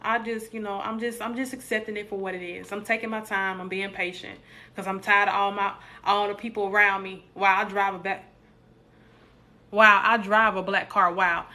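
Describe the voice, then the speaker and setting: A woman's voice: mid-range voice, fairly quick, pushed and bright. A young adult woman, hosting a casual live stream, joking with viewers and preaching encouragement.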